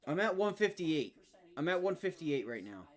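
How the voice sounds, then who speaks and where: A man's voice: fairly high pitch, very animated, normal speed. A young man on a live day-trading stream, talking bluntly and swearing heavily as he follows his trades. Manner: blunt, heavily profane venting.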